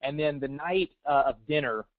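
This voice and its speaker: A man's voice: on the high side, no room sound. Earnest man on a tinny phone line. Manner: earnest and reflective, many filler pauses. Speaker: webinar guest. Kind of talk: personal testimonial.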